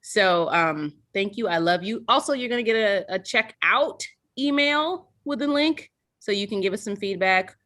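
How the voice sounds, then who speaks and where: Bright, playful woman on a video call. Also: mid-range voice, expressive, moderate pace, no room sound, clean studio sound. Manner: playful and candid, teasing and swearing. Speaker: slam organizer. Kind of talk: casual livestream thank-you speech.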